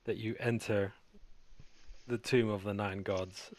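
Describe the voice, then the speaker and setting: A man voicing a commanding female captor who speaks slowly, curtly and dismissively. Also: on the low side, steady tone, no echo. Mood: cold. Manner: slow, curt, dismissive.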